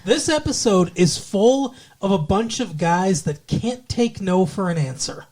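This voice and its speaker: A man's voice: high voice, lively intonation, a little slow, darkish tone. Guy on a podcast, goofy and rambly, goes off on tangents. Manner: jokey, rambling, slips into put-on accents and quoted voices. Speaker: podcast co-host. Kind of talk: casual chat recapping a TV episode.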